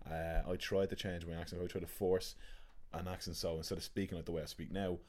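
A man's voice: sits low, flat delivery, a little fast, few pauses, darkish tone. A young Irish man with a Dublin accent, an actor, chatting casually and rambling with many restarts. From Ireland. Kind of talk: casual chat.

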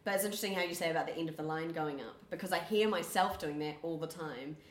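A woman's voice: deep voice, quick pace. A young woman with a New Zealand accent chatting casually, rambling with many fillers. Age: young adult. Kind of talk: casual chat. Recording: echoey room.

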